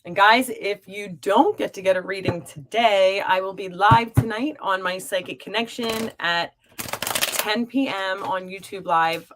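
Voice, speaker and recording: A young adult woman hosting a live stream as a psychic reader, chatting warmly and encouragingly with viewers. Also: mid-range voice, unhurried, background noise. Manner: warm, encouraging and upbeat. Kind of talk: live-stream chat reading viewer comments.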